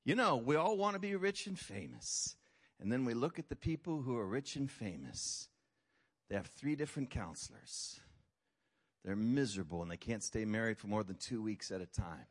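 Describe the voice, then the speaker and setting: A man delivering a sermon in an animated, emphatic way. His voice is of middling pitch. He drops low and soft to make serious points, then leaps up high and loud to mock what people say. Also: normal speed. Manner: animated preaching, jumps to high mocking voices for effect. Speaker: pastor.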